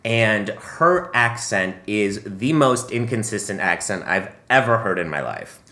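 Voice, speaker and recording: A man's voice: fairly low pitch, lively intonation, unhurried, sharp tone, reverberant. A man co-hosting a casual film review chat, chatty and laughing often, with many ums. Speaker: podcast co-host.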